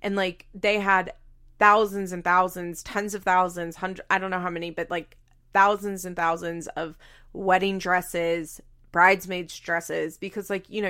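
A woman's voice: fairly low pitch, fairly bright tone. A young adult woman hosting a podcast, chatting casually with lots of fillers and the odd swear. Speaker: podcast host. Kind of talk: casual chat.

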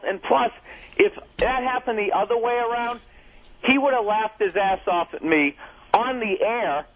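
A man on a radio show, a comedian telling a profane, animated story in casual chat. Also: high voice. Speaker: comedian guest. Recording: tinny phone line.

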